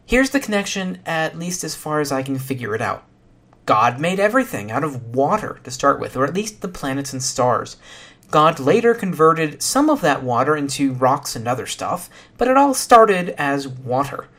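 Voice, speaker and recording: Solo science podcast host, dry and sardonic, casual delivery, mid-range pitch. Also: sing-song, moderate pace, a bit bright. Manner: casual with fillers.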